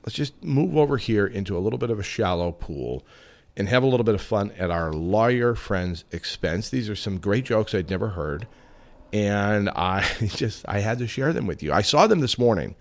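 A man's voice: lowish voice, moderate pace. A man hosting his own radio show, telling jokes and musing in a casual, reflective monologue. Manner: joking and reflective, lively delivery.

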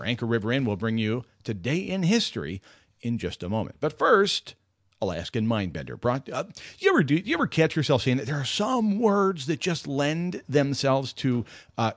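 Male radio host, casual rambling chat, very animated pitch, dry studio mic. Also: dry recording. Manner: animated, rambling, self-mocking.

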